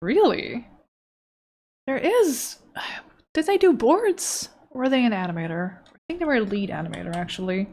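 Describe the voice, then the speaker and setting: While drawing live, this European art streamer jokes with her audience in a playful, teasing way and reads the chat out loud. She speaks at a moderate pace in a high-leaning, sing-song voice with a darkish tone.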